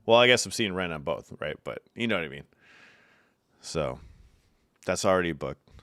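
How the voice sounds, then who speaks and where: A man's voice: low-pitched, expressive, moderate pace, bright, forceful tone, dry recording, clean studio sound. A young man from upstate New York chatting casually with his live chat from home, reading out messages and telling loose, profane stories with bursts of laughter. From Syracuse, New York. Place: home room.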